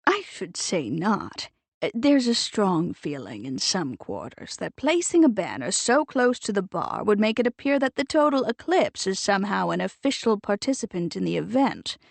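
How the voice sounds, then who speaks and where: A prim older busybody who sniffs at anything she disapproves of, as a woman reads her. She talks airily and stresses her words firmly, with lively swoops in pitch, a gravelly edge and a dry, close sound. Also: normal speed, no room sound. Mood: disapproving. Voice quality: haughty, emphatic and airy.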